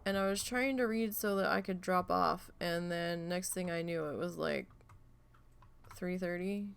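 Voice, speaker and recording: A woman streamer chatting casually while gaming, rambling and swearing freely as she tells an animated story. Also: fairly low pitch, a little slow, vocal fry, clear, resonant tone.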